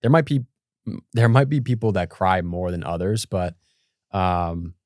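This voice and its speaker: A man's voice: low voice, animated, a little slow, a little mellow, no room sound, clean studio sound. A man in his thirties hosting an interview, laid-back and casual, swearing now and then. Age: 30s. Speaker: podcast host.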